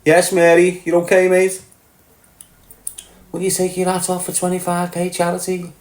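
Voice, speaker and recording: A man's voice: high-pitched, completely flat delivery, moderate pace, darkish tone, a little hiss or hum. Blunt, sweary Liverpool man ranting. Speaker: livestream host reading chat. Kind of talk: casual livestream rant. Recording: roomy echo.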